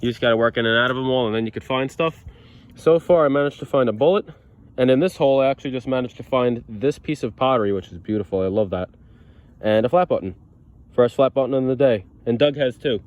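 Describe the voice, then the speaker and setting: Excitable New York guy vlogging outdoors. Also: mid-range voice, fast, lo-fi sound. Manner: excitable, chatty, stumbles over words when thrilled. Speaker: metal detecting vlogger. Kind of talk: casual outdoor vlog commentary. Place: outdoors in thick brush.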